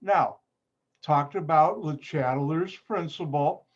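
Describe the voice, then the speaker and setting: A man teaching an online chemistry lab, unhurried and breaking his sentences up with pauses. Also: on the high side. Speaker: chemistry instructor. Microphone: computer mic on a video call. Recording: dull, muffled video-call audio.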